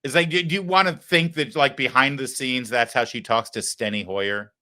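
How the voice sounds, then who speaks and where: A man's voice: mid-range voice, normal speed, sharp tone. A man hosting a political talk show, delivering mocking commentary with wry asides.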